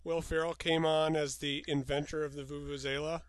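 A man co-hosting a podcast, teasing the others with quick reactions. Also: fairly high pitch, flat delivery, dry recording. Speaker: podcast co-host.

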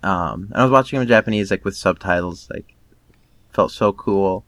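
A man co-hosting a podcast, talking in an animated way and swearing freely. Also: deep voice, normal speed, dry recording. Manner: animated, swears freely, laughs between words. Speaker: podcast co-host. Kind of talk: casual chat.

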